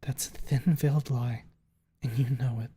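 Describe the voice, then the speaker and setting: A man voicing a persistent stegosaurus woman, slow and tense. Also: medium pitch, breathy edge, natural voice. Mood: pressing. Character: persistent confident female stegosaurus.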